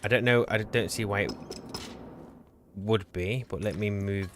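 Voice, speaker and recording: A man's voice: fairly low pitch, a little slow, background noise. A man live-streaming a co-op game, chatting casually and teasing his partner. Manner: chatty, self-correcting, teasing. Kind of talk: casual gameplay chat.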